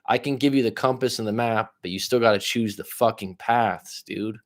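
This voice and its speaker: A man's voice: medium pitch, moderate pace. A man giving live coaching advice in a blunt, profane way, pushing the listener with repeated questions. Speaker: life coach.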